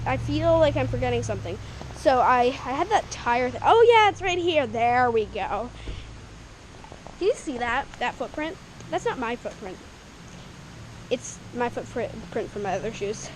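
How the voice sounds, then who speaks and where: A woman's voice: high voice, lively intonation, moderate pace, background noise. A woman from Canada walking through her backyard dirt track outdoors, rambling and chatty, giggling often as she talks to an action camera. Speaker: vlogger showing a homemade dirt bike track. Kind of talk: casual walkthrough narration.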